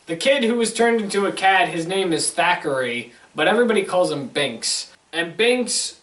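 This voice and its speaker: A young man talks through a film review in a loose, rambling way, tossing in sarcastic questions and laughing asides. His voice sits a little high. He is recorded in a roomy space from some way off the microphone. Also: animated, moderate pace, fairly bright tone. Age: young adult. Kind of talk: casual spoken film review. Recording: roomy sound from a distant mic.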